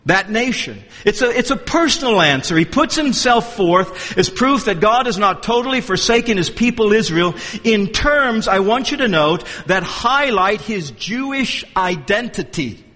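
A man's voice: high-pitched, animated, a little slow, hardly any pauses, pushed and bright, long reverb tail. A man preaching an expository sermon, emphatic and repetitive, often restarting his sentences mid-thought. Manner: emphatic, repeats phrases for stress. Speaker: pastor.

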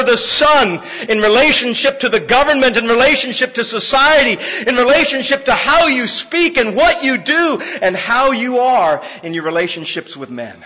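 A man preaching a sermon in an emphatic, conversational way, swinging between loud, pressing lines and hushed ones, with frequent fillers. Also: high-pitched, big-room sound, lo-fi sound. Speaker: pastor.

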